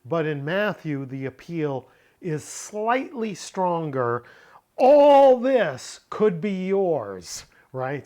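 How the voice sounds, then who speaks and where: A man gives a relaxed language lesson, sounding out ancient phrases at a slow, deliberate pace. His voice sits a little high for a man. He fills the pauses with frequent uhs and small self-corrections. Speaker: biblical Greek teacher.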